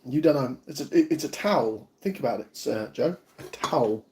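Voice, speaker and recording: A man's voice: medium pitch, lively intonation, brisk, darkish tone. A man in his forties with a British accent, chatting casually with viewers on a livestream, rambling and hesitant with many ums and restarts. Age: 40s. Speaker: vlogger.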